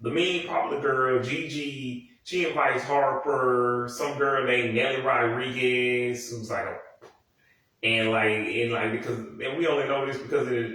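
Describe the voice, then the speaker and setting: A man's voice: mid-range voice, steady tone, a little slow, pushed and bright. A man in his early thirties casually recapping old TV episodes, rambling and profane, full of asides and restarts. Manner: rambling, meandering, profane, frequent "anywho" asides. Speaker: show recap host. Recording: echoey room, mic far off.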